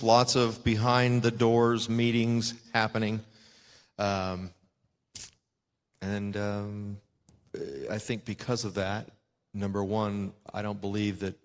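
A man, a wrestler being interviewed, recalling past events in a measured, hesitant way. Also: fairly low pitch, long reverb tail. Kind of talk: reflective recollection.

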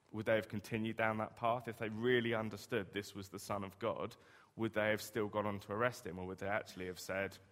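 A man's voice: fairly low pitch, fairly bright tone. A man preaching a sermon in a conversational way, often asking the listeners rhetorical questions. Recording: long reverb of a hall.

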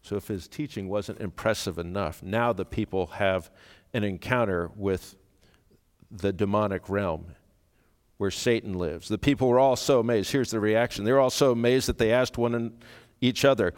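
A man preaching a sermon, speaking earnestly and rising to sudden loud emphasis when he quotes. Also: fairly low pitch, moderate pace, clear, resonant tone. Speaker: pastor. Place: church sanctuary. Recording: reverberant church hall.

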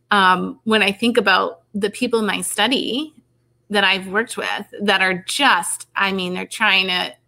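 Bright-voiced woman rambling through a conversation. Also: mid-range voice. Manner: rambling, many fillers and restarts. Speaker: researcher and podcast guest. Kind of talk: casual conversation.

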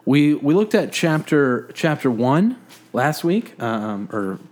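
A man's voice: on the high side, sing-song, slow, darkish tone, slight background noise. Casual male podcast co-host, self-deprecating, rambly, filler-heavy, recorded at home. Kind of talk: casual joking podcast chat. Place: living room.

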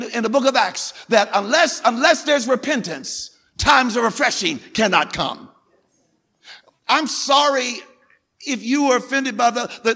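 A man preaches a sermon with a high, bright, forceful voice. He leads call-and-response, has the congregation repeat words after him, and hammers phrases again and again. His voice rings with a long reverb from a large church hall. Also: gravelly. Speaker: pastor.

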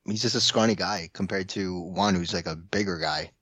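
A man's voice: sits low, normal speed, a bit bright, breathy edge, dry recording. A man on a casual podcast, rambling and speculative, piling up filler words and restarts. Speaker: podcast co-host. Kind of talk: casual chat.

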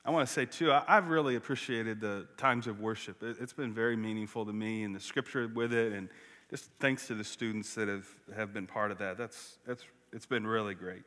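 A man preaching a sermon, telling a story in an animated way with frequent restarts. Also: on the low side, fairly quick. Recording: long hall reverb.

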